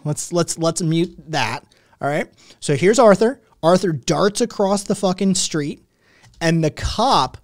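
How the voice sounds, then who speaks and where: A man's voice: a little high, a little slow, no echo, clean studio sound. A man hosting a podcast, chatting casually and sarcastically, swearing often and rambling with lots of fillers. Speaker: podcast host. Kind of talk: casual commentary chat.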